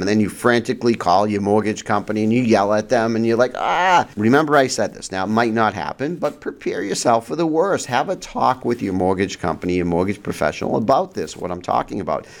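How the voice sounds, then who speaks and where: A man hosting a real estate advice show, talking casually with frequent restarts, rhetorical "right?" checks and sudden jumps in pitch for emphasis. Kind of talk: casual explanatory monologue. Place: central New York region.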